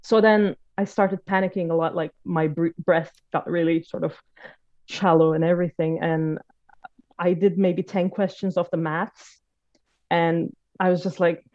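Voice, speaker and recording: A woman's voice: lowish voice, flat delivery, normal speed, darkish tone. A woman in her late twenties telling a personal story in casual conversation, hesitant, with many fillers and restarts. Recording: dull lo-fi recording.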